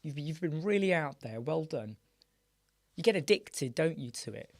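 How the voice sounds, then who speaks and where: A British man hosting a casual live chat show, his voice a little croaky and weak, answering viewers by name. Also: a little high, animated, normal speed, dry recording, clean studio sound. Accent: British English. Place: small dark soundproofed room.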